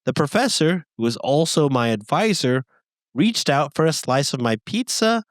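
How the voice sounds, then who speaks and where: A man co-hosting a podcast, casually reading listener messages aloud with lively, rising emphasis. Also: a little high, moderate pace, no echo.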